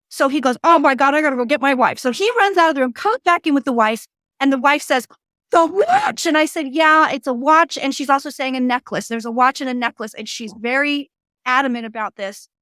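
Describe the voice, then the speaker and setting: Female guest, medium, fairly high voice, animated storyteller who voices the people she quotes; dry sound. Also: dry recording. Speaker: guest medium and tarot reader. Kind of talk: casual storytelling.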